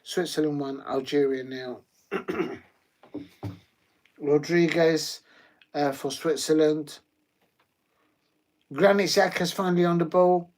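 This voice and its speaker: A man hosting a live football watch-along, chatty and rambling with many fillers and sudden bursts of excitement. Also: fairly high pitch, slow, long pauses.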